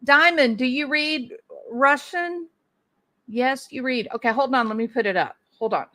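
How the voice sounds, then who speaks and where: A woman hosts a casual live stream, reading viewer comments aloud and chatting back to the audience. Her voice is bright and clear. She thinks out loud as she goes, restarting sentences and breaking into small laughs. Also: high voice, a little slow. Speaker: livestream host.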